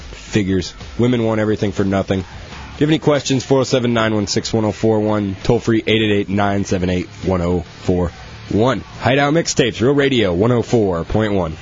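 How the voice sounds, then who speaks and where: A man's voice: lowish voice, moderate pace, a little mellow, soft background music. A man reading a scripted radio station promo in a brash, mocking announcer delivery. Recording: dull lo-fi radio broadcast.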